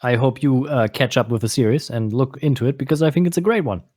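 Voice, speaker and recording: A man's voice: mid-range voice, fast talker, darkish tone, slightly rough, dry recording, studio quality. A man with a German accent co-hosting a casual podcast chat, hesitant and often repeating words as he searches for them. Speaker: co-host.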